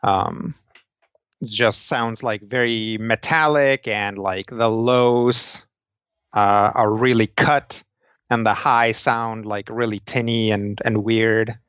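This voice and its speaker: Slow, low-voiced man as game master. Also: fairly even intonation, a bit bright, clean tone, no room sound, lo-fi sound. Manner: loose, meandering scene description. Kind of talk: narrating a tabletop game.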